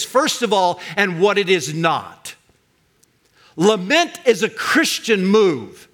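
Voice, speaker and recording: An older man preaching a sermon as pastor, talking in an emphatic way and rising to loud cries on key words. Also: high voice.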